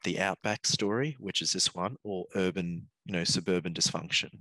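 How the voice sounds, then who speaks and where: A man's voice: deep voice, normal speed, bright, forceful tone, no room sound. An Australian man co-hosting a podcast, chatting in a rambling, opinionated way about film trailers. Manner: rambling, opinionated, frequent laughs. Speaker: podcast co-host. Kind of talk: casual chat reviewing film trailers.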